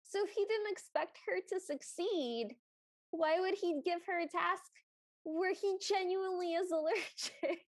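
Woman, high voice, slow pace, casual film-recap chat, giggly storytelling. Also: no room sound. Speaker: podcast co-host.

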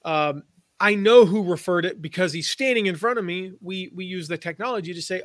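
A man's voice: high voice, a little fast, no room sound, studio quality. A man guesting on an interview, explaining his ideas in a chatty, storytelling way and slipping into playful put-on voices. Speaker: guest, affiliate marketing expert. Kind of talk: conversational podcast interview.

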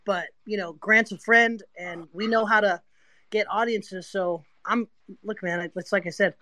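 A man with a high voice, recorded dry and close, rambling earnestly. He talks in loose, restarting sentences. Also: fairly even intonation, a little slow, sharp tone, no room sound. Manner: rambling, earnest, self-promoting. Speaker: guest speaker. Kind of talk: casual online voice chat.

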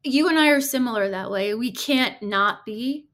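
A woman's voice: fairly high pitch, normal speed, a bit bright. A woman guest in a casual conversation, speaking bluntly and frankly.

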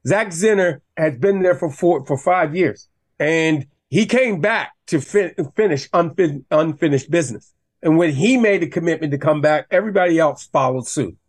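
A man, a former college running back, talking football as a guest in a passionate, animated way that rises when he gets riled up. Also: fairly high pitch, normal speed. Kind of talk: casual sports talk.

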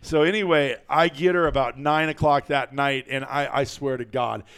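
Smooth-voiced man spinning a hunting yarn. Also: mid-range voice, moderate pace. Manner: animated, colorful storyteller with mild cursing. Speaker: guest hunter. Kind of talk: casual storytelling on a podcast.

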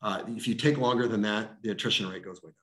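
A man, a pastor, answering interview questions in an earnest, animated way and acting out the conversations he describes. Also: fairly low pitch, fast. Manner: earnest, animated, acts out dialogue. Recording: roomy echo.

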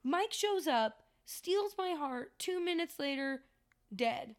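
A woman co-hosting a casual podcast, her voice sitting a little on the high side. She talks in an animated, expressive way, swearing freely and breaking into laughs. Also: slow pace. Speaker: podcast co-host.

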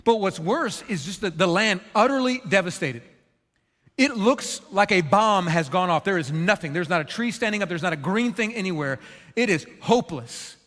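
Earnest pastor giving a sermon, a man with a high voice, in a reverberant hall. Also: moderate pace. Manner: earnest, animated storytelling, acts out quotes.

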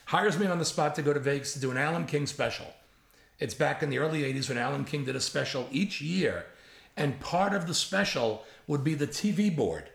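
In an echoey room, a man in his seventies who writes comedy spins casual anecdotes packed with impressions and open swearing. He talks briskly, with a fairly high, creaky voice and a lively manner.

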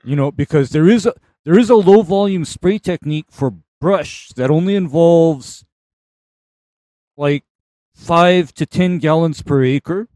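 Slow, careful man explaining technique. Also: a little high, dark tone, no echo. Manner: measured, explains methods step by step. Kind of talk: casual technical talk.

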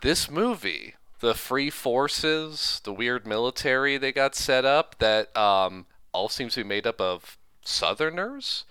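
A man co-hosting a movie podcast who talks in a casual, animated way, laughing and tripping over his words. His voice is bright and clear, with a lively rise and fall. The sound is dry and close to the mic. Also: mid-range voice, takes it slowly, few pauses, no echo. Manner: animated, laughing, stammers when excited. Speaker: podcast co-host. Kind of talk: casual movie-review chat.

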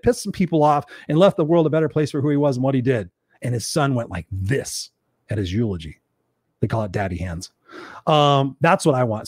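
A man's voice: fairly high pitch, a little mellow, no echo, studio quality. A man giving a blunt, profane motivational monologue, hammering his points home with rhetorical questions. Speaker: motivational speaker.

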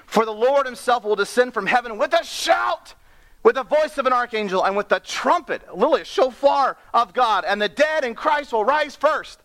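Animated young male preacher, high voice. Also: normal speed. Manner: animated, playful, laughs at own asides. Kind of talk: sermon.

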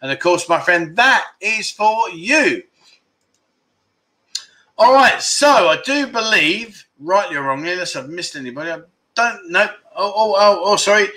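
A man with a high, expressive voice and a sharp tone speaks at a measured pace. He's a livestream host in Pattaya, Thailand, casually reading out viewer donations, grateful and restarting frequently as he thanks viewers.

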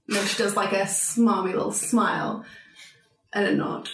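A woman's voice: mid-range voice, moderate pace, recorded from a distance. A woman, a player in a tabletop role-playing game, talking in a playful, lilting way. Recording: echoey room, away from the mic.

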